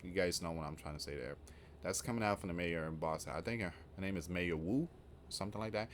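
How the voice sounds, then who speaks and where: A man with a somewhat low voice hosts his own online news channel. He reads out the reports and then talks them over in a loose, rambling, casual way. A faint hiss sits under the recording. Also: fast talker.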